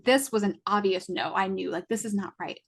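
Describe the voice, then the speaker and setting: A young woman in her twenties shares a personal story on a podcast, speaking candidly and conversationally. Her voice sits at an ordinary middle pitch for a woman. She leans on filler words and slips in nervous little laughs. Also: a little fast, breathy edge. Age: 20s. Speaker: podcast co-host.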